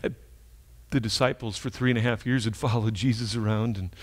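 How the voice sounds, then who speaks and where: A male pastor preaching a sermon and retelling a story, moving between hushed, slow passages and emphatic ones. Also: fairly low pitch, fairly even intonation.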